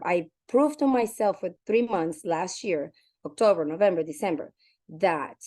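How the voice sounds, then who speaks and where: A woman in her forties telling her own story casually, animated and chatty, acting out what she and others said. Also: fairly low pitch. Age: 40s. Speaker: community member sharing her story. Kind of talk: casual testimonial.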